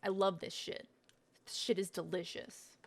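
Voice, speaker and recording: Talking in a fairly low, flat, slightly mellow voice at an unhurried pace, a young woman samples snacks on a casual unboxing stream. She chats and laughs between bites, cursing often.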